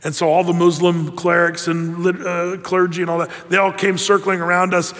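A man preaches to a congregation and tells his stories with animated emphasis, acting out the quotes. His voice sits high. A long hall reverb trails behind him. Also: moderate pace. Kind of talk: sermon-style storytelling to a congregation.

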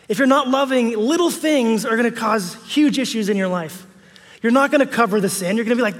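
Male pastor, high voice, relaxed chatty preaching style that repeats its key lines, large echoing church. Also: moderate pace. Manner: conversational, repeats key phrases for emphasis. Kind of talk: sermon.

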